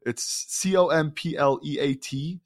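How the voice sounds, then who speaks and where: A man's voice: a little high, a little slow. A man co-hosting a podcast, telling an enthusiastic, rambling story in casual chat, full of fillers and restarts. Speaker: podcast co-host.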